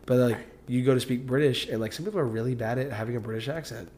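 This is a young man with an American accent, talking casually and swearing freely. He repeats his punchlines for emphasis and keeps an easygoing, conversational tone at a middling pitch. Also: fast talker, a little mellow, a little hiss or hum. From United States. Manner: loose, profane, emphatic storytelling. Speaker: parent, co-host. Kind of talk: casual chat.

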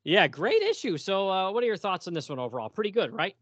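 A man's voice: high-pitched, fast talker, dry recording, highs cut off. A man co-hosting a comics podcast, talking casually. His voice sits close and dry, with no room sound. He moves from panel to panel and laughs easily. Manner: relaxed, chuckling, walks through pages panel by panel. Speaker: comic book podcast co-host. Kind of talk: casual chat.

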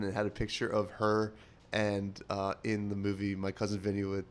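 A young man with a lowish, monotone voice speaks at a moderate pace while co-hosting a podcast. He rambles casually through stories, packed with fillers and "like."

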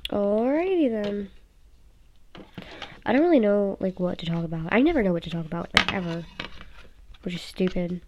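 A woman's voice: medium pitch, animated, normal speed, pauses often, dull audio, noisy background. A tired teenage girl at home rambling through a casual vlog into her phone, talking in loose run-on thoughts full of "like" and "um". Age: teens. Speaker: vlogger. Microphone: phone app recording.

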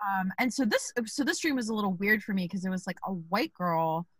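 A young woman co-hosting a podcast, telling a story in a casual, animated way, full of "like" and swearing. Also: mid-range voice, a little fast, slightly rough, no echo. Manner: animated, laughing, swearing, lots of "like". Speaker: podcast co-host.

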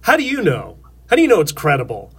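A man's voice: fairly high pitch, huge pitch swings, fast, a bit bright, breathy edge. A man hosting a livestream interview, conversational, backing up his guest with short agreements. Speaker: host.

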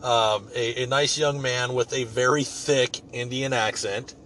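A man's voice: mid-range voice, fairly even intonation, measured pace, fairly bright tone, slight background noise. A man telling a story in a casual, rambling way, swearing freely and joking as he goes. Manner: profane, rambling, loose and joking.

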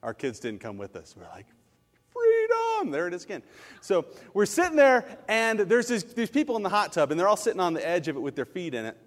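A middle-aged male pastor preaches in an animated, joking storyteller's way. His voice sits a little high for a man and carries the long reverb of a church sanctuary. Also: fast talker. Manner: animated, jokey storytelling with laughs and asides. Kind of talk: sermon with personal stories.

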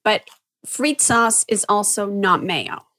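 A woman's voice: medium pitch, slow pace, pushed and bright. A North American woman co-hosting a casual chat, giggly and enthusiastic. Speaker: podcast co-host.

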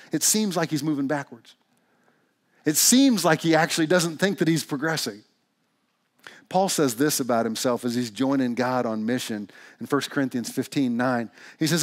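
A pastor with a fairly high voice delivers a sermon in a church sanctuary. His pitch swings widely as he talks. The tone stays casual and chatty, with jokes for the congregation. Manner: conversational, animated, joking with the congregation.

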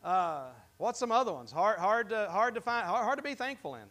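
High-voiced pastor quizzing his congregation. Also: sing-song, pushed and bright. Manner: conversational, asks the congregation questions; halting, with many restarts. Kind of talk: interactive sermon. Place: church.

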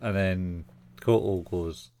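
A man's voice: deep voice, steady tone, takes it slowly, a little mellow. A man co-hosting a podcast, chatting casually about an anime and chiming in with short agreements. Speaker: podcast co-host. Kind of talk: casual chat recapping an anime.

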